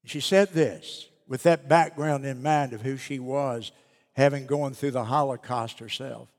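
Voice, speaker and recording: A man's voice: medium pitch, steady tone. Emphatic male preacher in a reverberant hall. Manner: emphatic preaching, slowing and dropping soft on key phrases. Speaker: pastor. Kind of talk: sermon. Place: church sanctuary. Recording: long reverb of a church hall.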